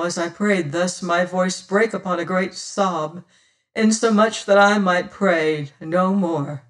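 A man's voice: high voice, fairly even intonation, a little slow, a bit bright. A man narrating an old-fashioned adventure novel in first person, in a solemn storytelling manner. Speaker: audiobook narrator.

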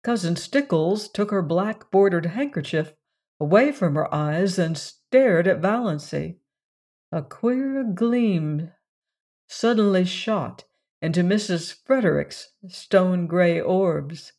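An audiobook narrator reads a classic novel at a slow, unhurried pace, with pitch in the middle range. The delivery is measured and scripted. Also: darkish tone.

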